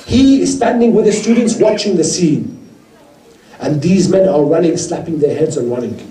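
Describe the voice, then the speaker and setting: A man's voice: a little high, normal speed. A man giving a religious sermon to a gathering, telling stories earnestly and voicing the people in them. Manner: earnest storyteller, quoting others in lively voices. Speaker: speaker at a mourning gathering. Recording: roomy hall heard from a distance.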